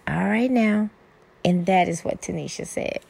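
Woman host, gravelly edge, candid rambling monologue with salty asides. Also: on the low side, normal speed, darkish tone. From American South. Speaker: podcast host. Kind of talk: casual solo podcast monologue.

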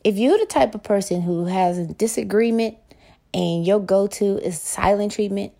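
A woman's voice: medium pitch, moderate pace, creaky, dark tone. A woman in a casual monologue, talking bluntly and swearing freely, acting out both sides when she retells arguments.

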